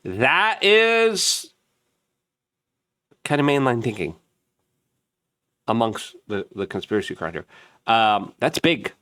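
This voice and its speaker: A man hosting an online news show, giving an opinion commentary straight to camera. He rants emphatically and repeats himself rapidly, and he mimics other people in raised, mocking voices. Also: mid-range voice. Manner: excitable, emphatic ranting with rapid repetition. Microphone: camera-mounted.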